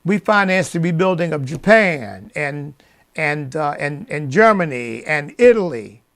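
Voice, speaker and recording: A male radio host with a gravelly, fairly high voice delivers an emphatic monologue into a studio mic. He drops to quiet asides, then climbs to loud, preacherly peaks. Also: lively intonation, measured pace.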